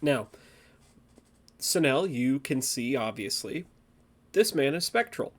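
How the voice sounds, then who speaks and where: Game master, slow pace, mid pitch, descriptive scene narration. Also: animated. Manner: unhurried, descriptive, laughs easily.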